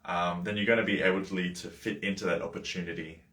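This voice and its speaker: Deep-voiced man chatting on a livestream. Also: steady tone, fast, a bit bright. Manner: loose and conversational, with many fillers, asides and small laughs. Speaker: life coach hosting a Bible study livestream. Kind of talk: casual livestream talk. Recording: roomy echo.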